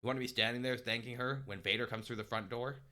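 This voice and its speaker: A man's voice: medium pitch, fairly even intonation, fast talker, sharp tone, pitched above the performer's own voice, close to an everyday voice. A man reading the part of a cocky smuggler pilot who mutters wry remarks, in a live-streamed story reading. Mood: tense.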